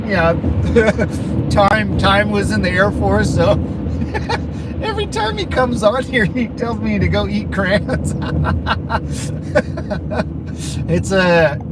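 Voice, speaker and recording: A man chatting casually on a livestream, rambling and laughing often as he answers his viewers. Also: high-pitched. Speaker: livestream host answering chat. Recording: street and traffic noise.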